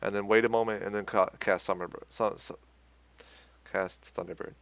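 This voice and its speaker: A man's voice: lowish voice, fairly even intonation, moderate pace, vocal fry. A young man giving a casual, rambling game tutorial, correcting himself as he goes. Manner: laid-back, rambling, self-correcting. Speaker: gaming tutorial host. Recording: loud game music behind the voice.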